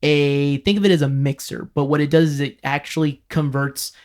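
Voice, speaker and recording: A man appears as a guest on a casual podcast and explains technical terms in plain words. His voice sits somewhat high for a man. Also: fairly even intonation, normal speed, a little mellow. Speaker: sound engineer guest.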